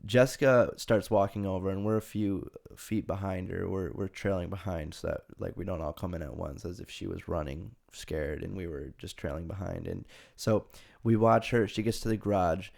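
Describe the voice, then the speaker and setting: A young man hosting a podcast, telling a funny story in a casual, animated way and laughing often. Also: low voice, moderate pace, gravelly. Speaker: podcast host.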